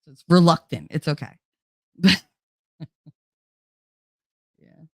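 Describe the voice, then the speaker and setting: A lower-voiced woman talks straight to her viewers, excitable and all in. She swears freely and laughs a lot. The sound is close and dry, with no room around it. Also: drawn-out words, dry recording. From New Jersey. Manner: excitable, blunt and profane, laughs often. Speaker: streamer. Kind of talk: casual chat with viewers.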